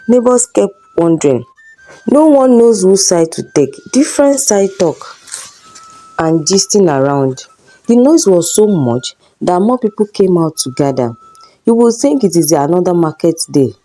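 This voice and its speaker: A woman narrating a folktale with dramatic, expressive storytelling. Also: on the low side, normal speed.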